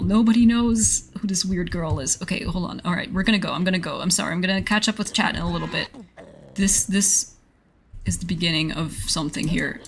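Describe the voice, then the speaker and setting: A woman's voice: on the low side, a little fast, slight background noise. A young adult woman streaming a game live, often laughing, flustered and apologizing to her chat.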